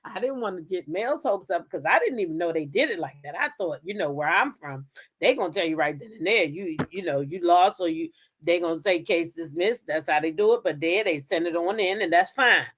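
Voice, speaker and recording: A woman's voice: fairly low pitch, a little fast. A woman host, telling a courtroom story in a casual, dramatic way with many asides to her viewers. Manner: animated, laughing, dramatic retelling with asides to viewers. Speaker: commentary channel host.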